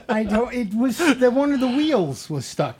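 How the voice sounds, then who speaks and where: A man with a very high-pitched, darkish, very animated voice speaks unhurriedly into a studio microphone while hosting a call-in radio show about computers. Chatty and rambling, he guides callers step by step through tech problems.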